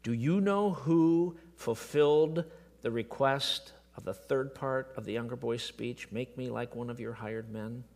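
A middle-aged man preaching a sermon, moving between quiet, hushed passages and emotional, impassioned outbursts. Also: medium pitch, a little slow.

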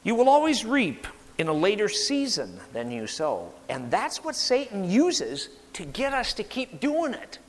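Animated, high-pitched preaching man. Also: measured pace, few pauses. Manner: emphatic, leads congregation in call-and-response repetition. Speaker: pastor. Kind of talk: sermon. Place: church sanctuary. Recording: long hall reverb.

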